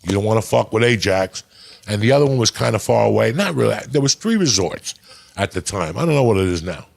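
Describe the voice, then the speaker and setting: A man from New Jersey telling a profane, animated story as a podcast guest. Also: on the low side, quick pace, vocal fry. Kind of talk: casual storytelling.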